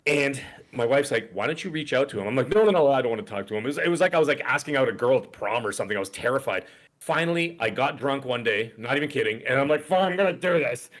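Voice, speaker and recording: A quick-talking middle-aged man in easy podcast chat, spilling one rambling story into the next. He speaks at an ordinary pitch and slips into short put-on voices whenever he quotes someone. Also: expressive, fairly bright tone. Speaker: podcast co-host. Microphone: desk podcast microphone.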